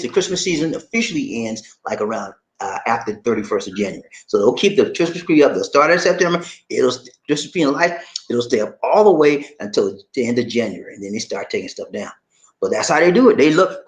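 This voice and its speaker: A man from the USA chatting casually as a vlog host, laughing a lot and drawling out "man" as he talks. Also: medium pitch. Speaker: vlogger host reading viewer comments. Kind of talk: casual chat. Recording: echoey room.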